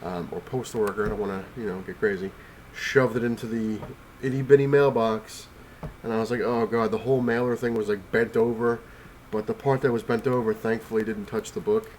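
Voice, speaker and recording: A man's voice: on the low side, steady tone, brisk, hardly any pauses, a little mellow, a little hiss or hum. Sick, breathless man rambling about comics. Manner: rambling, full of fillers and restarts. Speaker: comic collector vlogger. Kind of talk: casual rambling vlog. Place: home, on the couch.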